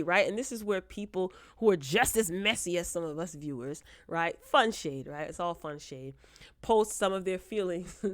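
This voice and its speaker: A woman's voice: lowish voice, a bit bright, dry recording, studio quality. A woman talking casually and bluntly in a sassy, playfully shady review vlog about a reality show.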